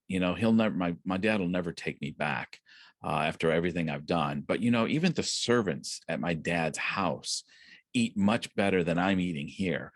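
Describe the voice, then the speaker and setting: A man's voice: low voice, no echo, studio quality. A man doing a remorseful, pleading younger son. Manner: pleading, contrite.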